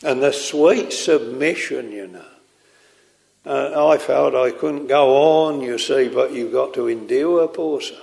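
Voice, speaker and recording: Older preacher, gravelly, slow and earnest, chapel reverb. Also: male voice, mid-range voice, a little mellow. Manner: slow, earnest storytelling, drawn-out quoted lines. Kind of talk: sermon. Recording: long hall reverb.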